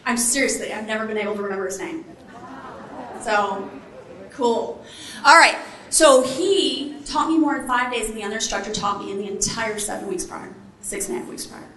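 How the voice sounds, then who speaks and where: A woman giving a motivational keynote, telling a personal story to a live audience with animated, playful delivery and acted-out quotes. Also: on the high side, moderate pace, echoey room, distant mic. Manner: animated, acts out quotes, jokes with the crowd. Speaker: motivational speaker.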